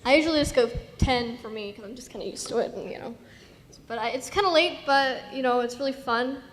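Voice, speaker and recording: A woman's voice: sits high, a little fast. A young woman hosting a convention panel, chatty and rambling, laughing often. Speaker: panel host. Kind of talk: live convention panel talk. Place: large convention hall. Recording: hall reverb.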